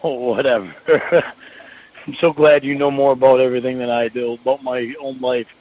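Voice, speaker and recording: A man's voice: medium pitch, level tone, moderate pace, a little mellow, low-quality recording. A man in a heated phone argument, defensive and accusing, swearing often. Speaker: caller on a prank three-way call.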